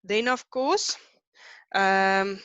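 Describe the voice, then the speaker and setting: A woman with a South African accent teaching an online class, chatty and brisk, hurrying her students along. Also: mid-range voice, a bit bright, smooth, no room sound, muffled recording. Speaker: Afrikaans teacher.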